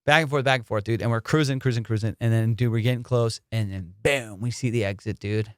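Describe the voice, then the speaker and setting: Guy telling a wild story on his podcast, fast slang and swearing, crisp tone, dry mic. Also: medium pitch, no room sound. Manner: excitable, profane, slangy. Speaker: comedian podcast host. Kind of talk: animated storytelling.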